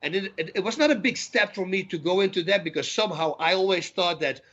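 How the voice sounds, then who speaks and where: Bright-voiced middle-aged man telling stories. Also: high-pitched, quick pace, dull audio. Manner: animated storyteller who acts out dialogue. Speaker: podcast guest. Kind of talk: storytelling interview talk.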